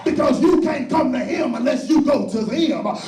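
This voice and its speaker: A man preaching a sermon with call-and-response, shouting and then dropping low. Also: animated, normal speed, faint music behind. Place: church. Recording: echoey church from far off.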